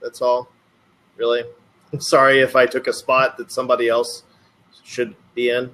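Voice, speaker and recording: A man's voice: medium pitch, completely flat delivery, moderate pace, a bit bright. A man who has joined an online webinar, speaking hesitantly and apologetically. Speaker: webinar caller. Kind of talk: casual webinar chat.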